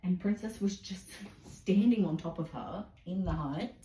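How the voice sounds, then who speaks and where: A pet vlogger from Australia, speaking in a fairly low, dark-toned voice at normal speed, rambles chattily while cleaning a large indoor pet cage and talks to the animals in sing-song baby talk. The phone filming her rests on a cage shelf, and the room sounds echoey with faint noise.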